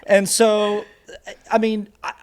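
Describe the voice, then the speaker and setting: A man on a podcast telling a story in a casual, animated way, laughing often and acting out what other people said in a raised voice. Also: high voice, slow pace, very noisy. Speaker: guest actor and creator.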